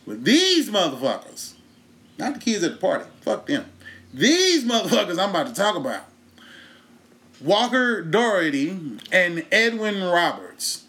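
Profane man, lively storytelling. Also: sits high, unhurried. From Texas. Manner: profane, animated storytelling, breaks into laughter. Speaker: comedian host. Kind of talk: profane stand-up monologue.

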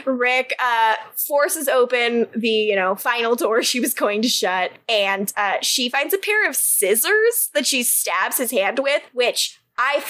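A woman's voice: fairly high pitch, lively intonation, slow pace, hardly any pauses, fairly bright tone. A woman co-hosting a podcast, casually recapping a TV episode, swearing freely and laughing often. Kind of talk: casual chat.

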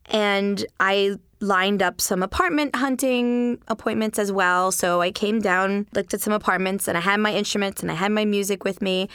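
A woman in her thirties talks casually in an interview, spinning long stories full of ums and restarts. Her voice sits at a medium pitch, recorded close and dry with no room echo. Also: steady tone, normal speed, fairly bright tone, clear, resonant tone. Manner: chatty storyteller, many fillers and restarts. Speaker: interviewee, violinist and music teacher.

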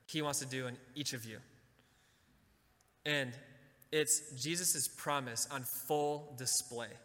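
Guy preaching, has the crowd repeat after him, goes soft and slow for emphasis, long echo in the hall. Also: medium pitch. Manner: leads audience in repeating lines; slows and drops to a soft, quiet voice for emphasis. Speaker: Catholic speaker. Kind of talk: sermon talk with call-and-response.

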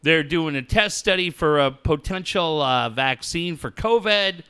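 A man's voice: fairly high pitch, a little slow, clean tone. A middle-aged man co-hosting a talk show, telling a story animatedly and swearing freely. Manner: animated, acts out quoted voices, swears freely. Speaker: radio show co-host.

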